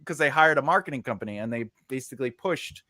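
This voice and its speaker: A man's voice: mid-range voice, lively intonation, quick pace, sharp tone, dry recording. A man hosting a live stream, chatting casually, rambling with many fillers and frequent laughter. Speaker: host.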